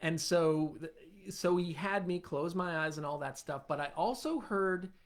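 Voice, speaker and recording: Male guest, higher pitch, halting, searching for words in casual recollection. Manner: hesitant, many restarts while recalling. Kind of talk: conversational interview.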